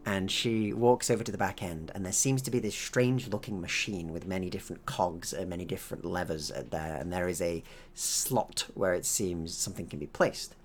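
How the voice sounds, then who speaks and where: Deep-voiced man narrating a game. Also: moderate pace, few pauses. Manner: relaxed, hesitant with many fillers. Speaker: game master.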